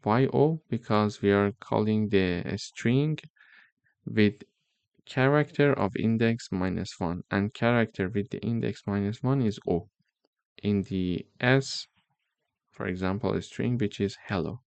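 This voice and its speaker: A man teaching a programming lesson, explaining slowly step by step and checking in with "okay?" as he goes. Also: on the low side, creaky, a little mellow, clear, resonant tone, no echo. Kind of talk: screen-recorded coding tutorial.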